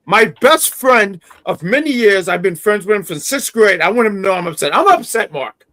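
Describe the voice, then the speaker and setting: Theatrical ranting male co-host, lively pitch. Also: moderate pace. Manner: theatrical mock-outraged ranting, yelling. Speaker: wrestling review show co-host. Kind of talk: livestream chat.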